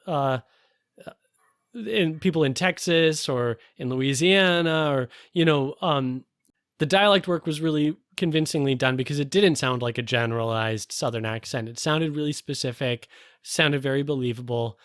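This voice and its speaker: A man's voice: on the high side, normal speed, a bit bright, dry recording, clean studio sound. A man co-hosting a film review podcast in casual chat, hesitant with many fillers and restarts. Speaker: podcast co-host.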